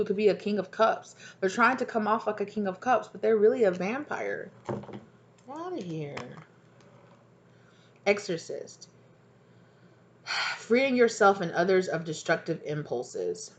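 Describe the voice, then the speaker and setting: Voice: medium pitch, a little hiss or hum. A tarot reader giving a casual reading to viewers, talking in a chatty, emphatic, slangy way, acting out the people being described and mumbling asides over the cards.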